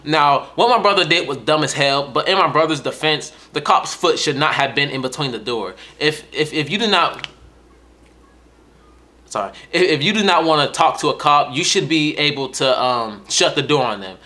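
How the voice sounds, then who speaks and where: A young man casually telling a story to his viewers, profane and animated, often repeating and restarting words. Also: on the high side, normal speed. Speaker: vlogger.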